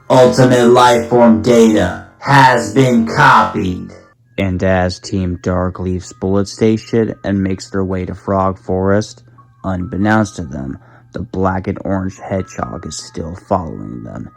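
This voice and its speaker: Deep gravelly man narrating a story. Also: darkish tone, rough recording. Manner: measured retelling, leans on "however". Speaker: channel host and narrator. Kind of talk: narrated fan story recap.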